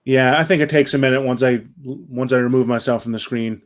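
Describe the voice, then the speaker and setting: A man's voice: medium pitch, fairly even intonation, brisk, a crowd in the background. A man hosting a live fan Q&A over video call, reading out viewer questions. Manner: reads fan questions, short agreeing replies. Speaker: host. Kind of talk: live Q&A interview.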